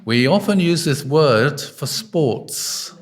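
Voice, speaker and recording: A man's slightly high voice, lively in intonation and slow in pace, carries an informal sermon in an arts centre hall. He talks chattily with many fillers, regularly pausing to ask his listeners questions.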